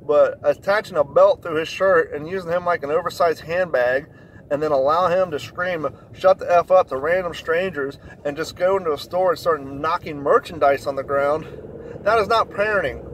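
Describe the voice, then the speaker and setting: A man telling a story in a blunt, profane rant, getting louder when indignant. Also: fairly high pitch, normal speed, a little hiss or hum, low-quality recording. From Kentucky, USA. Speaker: vlogger. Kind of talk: ranting storytelling monologue.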